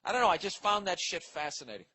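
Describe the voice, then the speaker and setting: A man's voice: high voice, big pitch swings, fast talker, sharp tone, low-quality recording. A man hosting a comedy podcast, ranting profanely and rambling as he reacts to listener mail. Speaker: podcast host. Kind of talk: casual comedic podcast rant.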